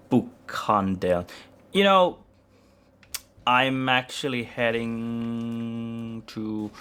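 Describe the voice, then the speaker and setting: A man with a medium-pitched, fairly bright, clean voice streams a video game live and chats with viewers. His commentary is hesitant and rambling, self-mocking, with many restarts.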